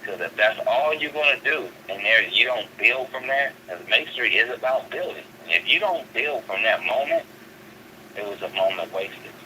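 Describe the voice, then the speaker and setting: Male guest caller, low voice, very bright tone, earnest, stumbles and restarts. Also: animated, normal speed, slight background noise, poor audio. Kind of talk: casual talk.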